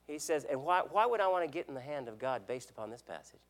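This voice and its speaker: Earnest preacher with surging loud emphasis. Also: male voice, medium pitch, animated, fast talker. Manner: earnest, repeats words, asks the audience questions; swings between loud emphasis and quiet drops. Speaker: preacher and elder. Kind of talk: sermon.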